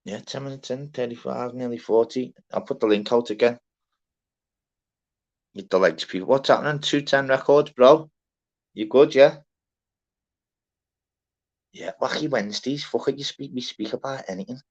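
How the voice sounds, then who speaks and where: Speaking at a medium pitch and moderate pace with frequent pauses, this young Liverpool man runs a laid-back livestream panel. He's chatty, swears freely and calls out viewers by name in his Scouse accent. The stream audio is dull and lo-fi.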